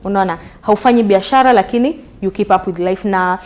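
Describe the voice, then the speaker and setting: Kenyan lady host, talks real quick, keeps asking unaona, average pitch. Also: darkish tone. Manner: fast, tags sentences with "unaona?". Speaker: talk show host. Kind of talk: casual chat mixing Swahili and English.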